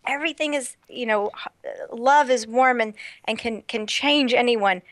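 A woman's voice: on the high side, normal speed, a bit bright, no room sound. A woman in her thirties chatting casually, animatedly retelling a TV episode and acting out the characters' lines. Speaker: podcast co-host. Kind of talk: casual chat recapping a TV episode.

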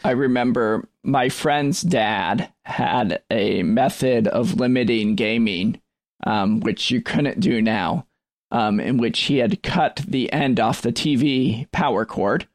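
A man's voice: medium pitch, slow pace, no echo. Easygoing man telling a story. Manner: easygoing storyteller, dry humor. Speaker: podcast co-host. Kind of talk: casual panel chat.

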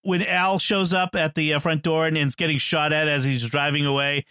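A man with a voice sitting a little high for his sex talks through a film in a casual, chatty way. He laughs often and restarts sentences mid-thought. The sound is dry and close, with no room around it. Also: level tone, fairly quick, sharp tone, clean tone, no room sound. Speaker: podcast co-host. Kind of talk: casual movie discussion.

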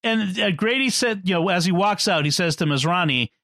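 A man's voice: high-pitched, lively intonation, fairly quick, a bit bright, no echo, studio quality. A man in a casual film discussion, retelling the plot, acting out the characters' lines and laughing often. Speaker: podcast co-host.

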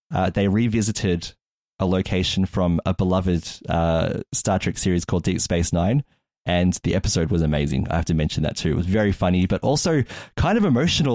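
Male podcast co-host, low-pitched, hesitant and filler-heavy, dry recording. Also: a little mellow, no echo. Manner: hesitant, lots of fillers and restarts. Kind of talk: casual chat.

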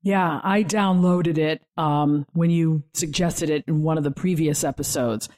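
A woman's voice: low-pitched, fairly even intonation, a little slow, a little mellow. Wry joking woman co-host. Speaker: podcast co-host. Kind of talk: casual chat.

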